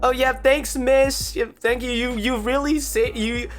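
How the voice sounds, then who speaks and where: Polite grateful kids, woman quoting them, a bit higher than her usual voice, vlog story. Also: fairly even intonation, a little slow, faint music behind. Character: polite young kids thanking a waitress.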